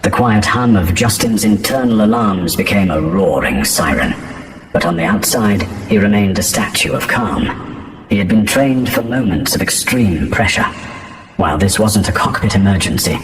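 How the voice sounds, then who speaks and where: A man narrating a scripted story in a steady, even delivery. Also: fairly low pitch, roomy sound, slight background noise.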